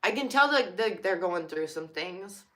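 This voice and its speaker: A young woman talks casually and openly about her work as a cashier, leaning on fillers like "like" and "you know." Her voice is bright and forceful, set a little on the low side. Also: expressive, moderate pace. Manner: chatty, filler-heavy, heartfelt. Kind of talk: casual personal talk.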